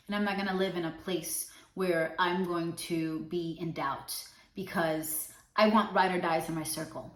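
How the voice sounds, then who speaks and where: A woman's voice: medium pitch, measured pace, fairly bright tone, reverberant. A young adult woman hosting a podcast, giving a sassy, emphatic self-help pep talk full of repeated affirmations. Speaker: podcast host. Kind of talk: motivational self-help monologue.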